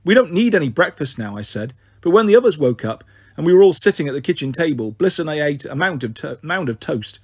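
A man reading a children's novel aloud in steady, expressive first-person narration. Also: a little high, fast talker, slightly rough, dry recording, studio quality. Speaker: storyteller. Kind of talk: children's book read aloud.

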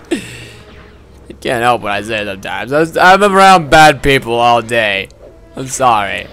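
Loud, profane young gamer yelling. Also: male voice, medium pitch, animated, clear, resonant tone, soft background music. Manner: quick swings between ranting and sheepish apologies. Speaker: gaming video host. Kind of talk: let's-play gaming commentary.

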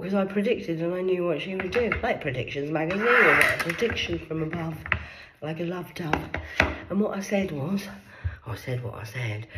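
Low-voiced British woman, erratic and defiant. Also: very noisy. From United Kingdom. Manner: erratic, swinging from hushed whispers to loud excited outbursts; swears freely, defiant and boastful. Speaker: vlogger. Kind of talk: rambling live monologue.

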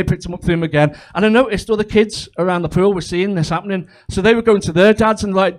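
A man's voice: high-pitched, fast talker, few pauses. A man performing a crude, chatty stand-up comedy set, full of ums and asides. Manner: chatty, crude, with frequent fillers.

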